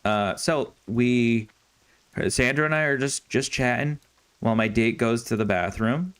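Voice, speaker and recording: A man's voice: medium pitch, a little slow, a bit bright, clean tone, no echo. A young man streaming a game and telling a long story in a rambling, profane way, with lots of fillers and restarts. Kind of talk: casual storytelling while gaming.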